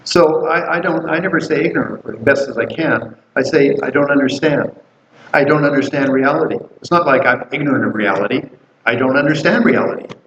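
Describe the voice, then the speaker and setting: A man's voice: medium pitch, brisk, fairly bright tone. Man teaching a buddhism class, rambling storyteller, roomy sound, dull faint-hiss recording. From Canada. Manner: rambling, storytelling, many restarts and fillers. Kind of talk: casual dharma class teaching.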